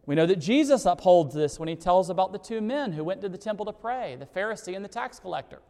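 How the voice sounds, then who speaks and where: High-voiced preacher in a reverberant hall. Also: male voice, lively intonation, fast. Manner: dynamic preaching, swings from loud pleading to quiet intensity; mocking put-on voices for quoted figures. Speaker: pastor. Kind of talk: sermon.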